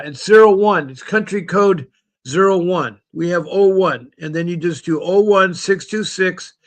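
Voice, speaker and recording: A man's voice: sits high, fairly bright tone. A man hosting a live call-in stream, reading out viewer comments and greeting them by name, chatty and given to repeating himself. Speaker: host of a call-in livestream.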